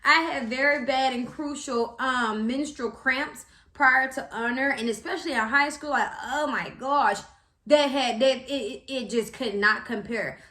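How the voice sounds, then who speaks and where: A young woman, telling a story to camera in a chatty, animated way, with slang and acted-out quotes. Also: high voice, echoey room. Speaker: vlogger.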